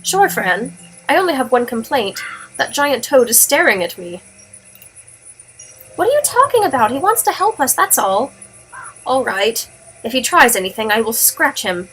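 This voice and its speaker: A woman's voice: a little high, big pitch swings, normal speed, long pauses, a bit bright, slightly rough, heavily acted. A woman voicing an affectionate, slightly wary talking cat in a video game. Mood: warm.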